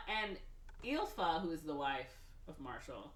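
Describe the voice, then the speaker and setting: Animated woman retelling a plot. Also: fairly low pitch. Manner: animated retelling with quick voices for characters. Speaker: podcast host recapping a film. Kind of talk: casual chat. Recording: echoey room, somewhat far from mic.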